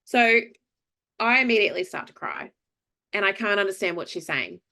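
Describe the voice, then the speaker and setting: A woman's voice: mid-range voice, animated, moderate pace, sharp tone. A woman with an Australian accent, co-hosting a podcast and animatedly telling a story in casual chat, acting out the voices of people she quotes. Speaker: podcast co-host.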